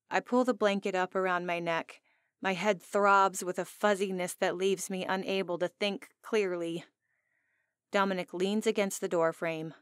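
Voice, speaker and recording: A woman's voice: medium pitch, steady tone, moderate pace, smooth, no echo. A woman narrating a first-person romance audiobook in an intimate, earnest storytelling manner, on a close studio mic.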